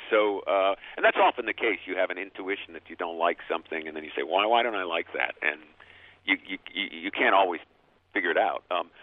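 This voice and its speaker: Low-voiced man on a phone line. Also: no echo. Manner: halting, repeats words often. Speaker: linguist guest. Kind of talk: radio call-in conversation. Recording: dry phone-line sound.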